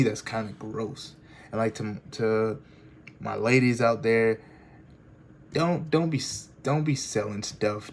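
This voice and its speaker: A man giving a halting, emotional confessional vlog, full of restarts, recorded in his bedroom. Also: fairly low pitch, slight background noise. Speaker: vlogger.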